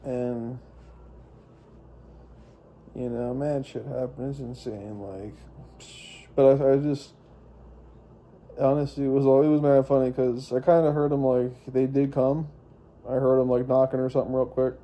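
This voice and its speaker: A man's voice: mid-range voice, little pitch movement, a little slow, long pauses, warm tone. A young man telling a personal story in a rambling, profane monologue, full of fillers and restarts. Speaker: vlogger.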